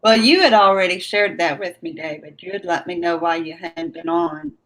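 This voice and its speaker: A woman's voice: on the low side, moderate pace, fairly bright tone. A woman hosting a casual live stream, chatting with viewers and laughing often. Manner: laughs often, drawls words out. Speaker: livestream host chatting with viewers.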